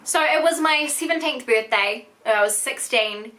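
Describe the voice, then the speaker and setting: Bright-voiced New Zealand woman in her twenties. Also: sits high, a little slow. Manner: frank and chatty, heavy use of "like". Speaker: vlogger. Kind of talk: candid storytime monologue.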